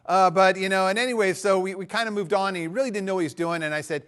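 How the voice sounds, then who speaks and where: A man with a somewhat raised speaking pitch delivers a church teaching talk, relaxed and conversational. He fills pauses with "uh" and restarts his sentences. His stories come out animated and friendly. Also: clean tone. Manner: conversational, frequent "uh" fillers and restarts; animated storyteller.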